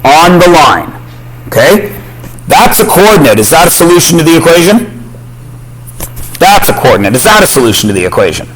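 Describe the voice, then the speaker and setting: A man's voice: on the high side, sing-song, a little fast, long pauses, fairly bright tone, poor audio. A man teaching a math class, quizzing students and cracking jokes. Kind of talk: classroom lesson.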